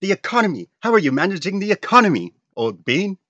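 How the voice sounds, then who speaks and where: A man voicing a posh British man in a rough put-on accent, talking in a high, fussy, exaggerated way. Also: big pitch swings, fast, sharp tone, no echo, muffled recording, full character voice. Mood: snooty.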